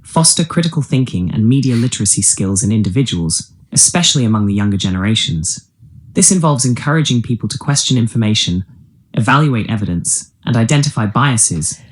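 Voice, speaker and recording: Synthetic-sounding male AI assistant, voiced by a man, polite, measured, lively in pitch. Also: natural voice. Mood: explaining. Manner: even, polished, lecturing delivery. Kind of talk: text-to-speech answer played aloud.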